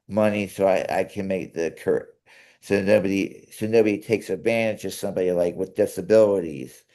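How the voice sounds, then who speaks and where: A young man co-hosting a casual chat, earnest and halting, often restarting his sentences. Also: on the low side, steady tone, warm tone. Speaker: co-host.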